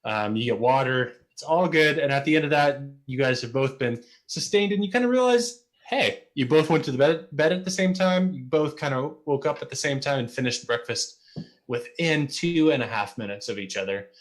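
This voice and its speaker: A man's voice: medium pitch, moderate pace. A male game master describing the scene to his players. He rambles, restarts phrases and keeps things easygoing. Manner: rambling, repeats words, relaxed and friendly. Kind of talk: narrating a tabletop game.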